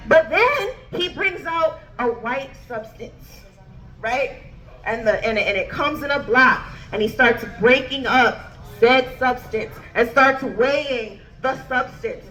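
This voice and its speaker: A woman's voice: high-pitched, lively intonation, unhurried, bright, forceful tone. A woman comedian telling a standup story, bubbly and laughing as she goes.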